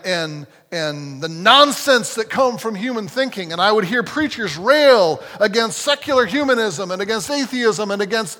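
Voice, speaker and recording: A man preaching a sermon as a pastor, talking in a lively, conversational way with frequent restarts. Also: sits high, normal speed, hardly any pauses. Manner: animated, conversational, self-correcting. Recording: long hall reverb.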